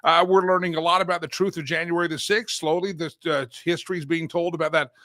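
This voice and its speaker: A man's voice: a little high, steady tone, quick pace, bright, forceful tone, dry recording. A man hosting a political talk show, joking around and chanting sing-song catchphrases. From Colorado, USA.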